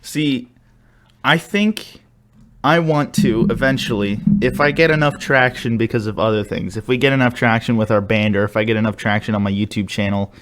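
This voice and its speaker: A man's voice: medium pitch, normal speed, fairly bright tone. A young man co-hosting a podcast, chatting casually, rambling and laughing as he stumbles and restarts. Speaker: podcast co-host. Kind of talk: casual chat.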